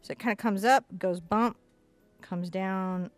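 A woman's voice: medium pitch, a little slow, dry recording, soft background music. A woman teaching a casual step-by-step acrylic painting lesson in a chatty, playful way, narrating her brushwork as she goes. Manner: chatty, playful, talks to herself while painting.

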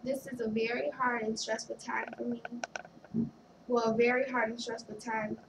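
Young woman, personal vlog storytelling, gravelly fry, set back from the mic. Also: fairly high pitch, flat delivery, recorded from a distance, background noise. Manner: candid, halting, reads a card aloud. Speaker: vlogger.

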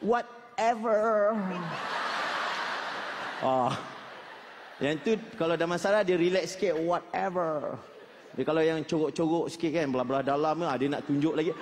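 A Malaysian stand-up comedian with a high-pitched voice, chuckling and stumbling through fillers. His voice rings in a long hall reverb. Faint noise sits underneath. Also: fairly even intonation, very fast, few pauses. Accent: Malaysian English. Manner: mixes Malay and English, hesitant fillers, chuckling.

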